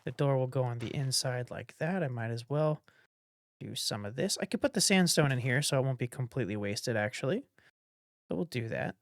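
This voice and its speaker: A man's voice: mid-range voice, animated, a little fast. A man thinking aloud in casual commentary as he builds in a block-building game, rambling and trailing off between ideas. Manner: rambling, thinks aloud while building, hums doop sounds. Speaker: gameplay commentator.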